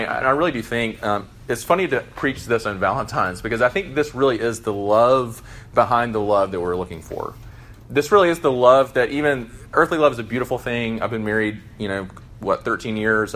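A man's voice: fairly low pitch, a bit bright. A man in his thirties preaching a sermon to a gathered audience, earnest and conversational, with frequent fillers and restarts. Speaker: pastor. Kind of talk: sermon with scripture reading.

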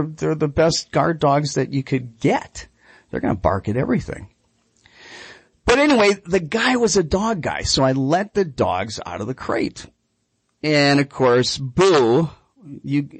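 A man hosting a radio talk show about dogs, telling a rambling, lively story with frequent restarts. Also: medium pitch, slightly rough, no room sound. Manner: lively, rambling anecdote with repeated words. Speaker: radio show host and dog trainer.

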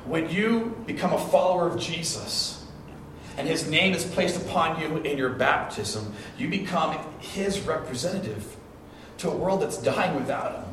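A man's voice: fairly high pitch, expressive, moderate pace, fairly bright tone. A man preaching a sermon as pastor, talking in a conversational storytelling way with restarts and repeated phrases. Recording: echoey hall recording from a distance with faint noise.

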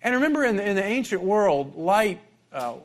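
High-voiced conversational male preacher. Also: big pitch swings, moderate pace. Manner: conversational, repeats words when restarting. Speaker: pastor. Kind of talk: sermon.

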